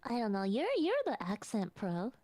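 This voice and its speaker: A woman's voice: medium pitch, big pitch swings, moderate pace, a little mellow, no room sound. A woman co-hosting a podcast in casual, giggly, self-deprecating chat. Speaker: podcast co-host.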